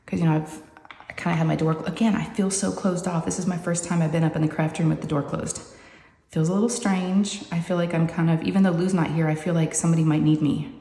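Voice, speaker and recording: A woman's voice: low voice, fairly even intonation, quick pace, creaky, mellow. A woman hosting a crafting channel, chatting casually and rambling to her viewers from her craft room. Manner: chatty, meandering, says y'all. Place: craft room upstairs with door closed. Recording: echoey room with long reverb, faint noise.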